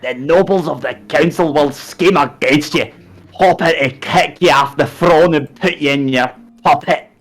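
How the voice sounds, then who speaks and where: A man voicing a royal advisor who explains things in a steady reading voice. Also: fairly high pitch, a little slow. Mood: earnest. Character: royal advisor warning the queen.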